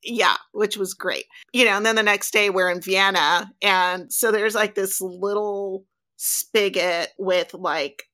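Bright, animated woman telling a story. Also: mid-range voice, slow pace. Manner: animated, chatty, filler-heavy. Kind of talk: casual anecdote in conversation.

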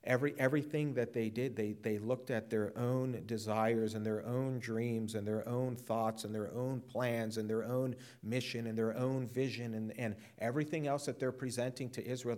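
A man's voice: medium pitch, fairly even intonation, moderate pace, hardly any pauses, a little mellow. A man preaching a sermon in an earnest, sober way, often repeating words as he presses a point. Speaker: pastor.

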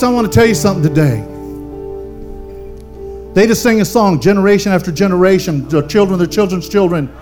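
An older man, a pastor, preaching a fervent sermon and calling on the congregation for amens. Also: sits high. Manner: fervent preaching with call-and-response.

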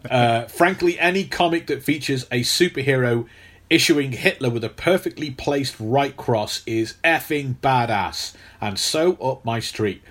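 A man's voice: medium pitch, unhurried, a bit bright. A man co-hosting a podcast, teasing his co-host in casual banter.

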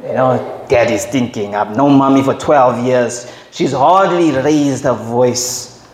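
A man preaching a sermon, slow and emphatic, who jumps high when he acts out quotes. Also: a little mellow, a little hiss or hum. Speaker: pastor. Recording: echoey hall, faint ambience.

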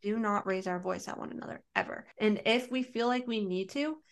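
A woman co-hosting a podcast reads listener questions aloud and chats about them earnestly and casually. Her voice is mid-range and brisk.

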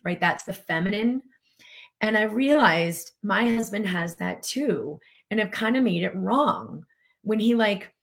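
A middle-aged woman with a mid-range voice hosts a podcast, chatting casually and using plenty of fillers as she coaches viewers and reads their comments.

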